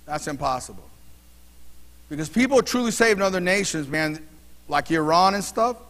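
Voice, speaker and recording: A man's voice: a little high, expressive, moderate pace, fairly bright tone. A man preaching a sermon as pastor, talking in a loose, conversational way with personal stories and frequent restarts. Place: church sanctuary. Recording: long hall reverb.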